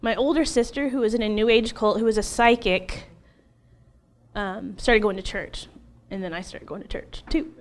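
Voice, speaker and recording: A middle-aged woman in an interview, telling her personal testimony in an emotional, animated way, laughing often and acting out what she once said. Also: mid-range voice, moderate pace. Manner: animated, laughs often, acts out her own past words.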